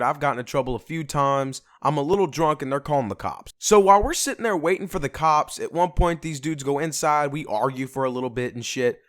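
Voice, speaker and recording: A young man telling a story on a casual vlog, animated and swearing a lot. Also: mid-range voice, no room sound, studio quality. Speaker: vlogger.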